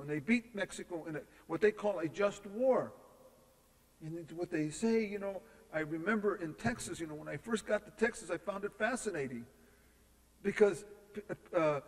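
Casting note: man with a high voice, storytelling speaker at a lectern, long hall reverb. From California. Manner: storytelling, asks the crowd rhetorical questions. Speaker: guest speaker. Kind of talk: public lecture. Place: university lecture hall. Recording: long echo in a lecture hall.

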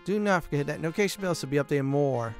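A man's voice: on the high side, expressive, very fast, faint music behind. A man hosting a let's play, chatting casually with fillers while exploring a game. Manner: casual, rambling, many fillers. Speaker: gaming channel host.

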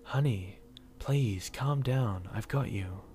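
Gentle, worried mother, soothing and soft, voiced by a male narrator. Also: fairly low pitch, slow, noisy background.

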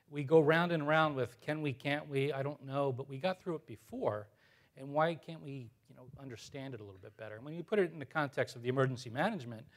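Easygoing man giving a conference talk. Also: mid-range voice. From United States. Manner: loose and conversational, frequent "uh" fillers, light self-deprecating jokes. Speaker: conference presenter. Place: conference hall with audience.

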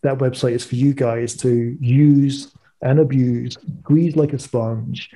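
Gravelly dark-voiced Scottish man. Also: mid-range voice, slow. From Scotland. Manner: lively, witty storyteller. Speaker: guest, music economist and author. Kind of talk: casual podcast interview.

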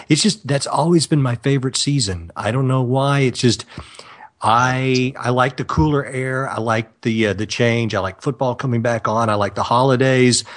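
A man hosting a live internet radio show in casual chat, joking and laughing often at himself. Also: mid-range voice. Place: California.

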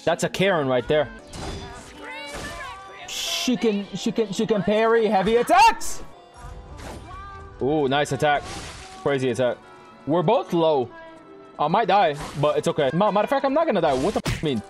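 Excitable young man yelling over gameplay. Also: on the high side, moderate pace, pauses often, faint music behind. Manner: excitable, swearing, yelling at the game. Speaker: gaming streamer. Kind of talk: live gameplay commentary.

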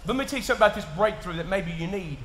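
A man with a Kentucky accent preaching in church, folksy and plain-spoken, dropping to quiet asides and rising to shouts. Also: high voice, animated, very fast, slight background noise. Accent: Southern US, Kentucky. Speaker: pastor. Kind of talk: sermon. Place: church sanctuary. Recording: echoey church room.

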